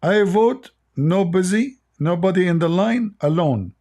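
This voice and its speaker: A man's voice: high voice, expressive, unhurried, mellow. A middle-aged man with an Arabic accent hosting a livestream, blunt, mocking and emphatic in his commentary. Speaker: livestream host.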